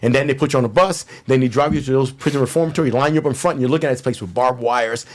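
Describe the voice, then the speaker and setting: Fast-talking, profane ex-con storyteller man. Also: medium pitch. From Miami. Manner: profane, animated storyteller who acts out the people he quotes. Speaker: interview guest, ex-cop and ex-convict. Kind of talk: candid storytelling interview.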